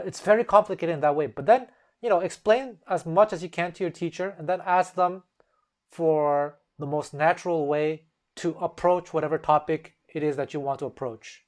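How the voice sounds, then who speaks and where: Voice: medium pitch, a little mellow. A language-lesson host explaining step by step in a casual way and acting out example phrases in shifting tones.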